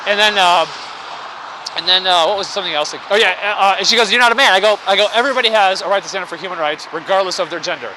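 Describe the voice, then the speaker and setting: A man casually retelling an argument outdoors, animated, quoting both sides with many restarts. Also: high voice, quick pace. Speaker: pro-life sign holder. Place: outdoors by a busy street. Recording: outdoor street noise. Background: traffic noise.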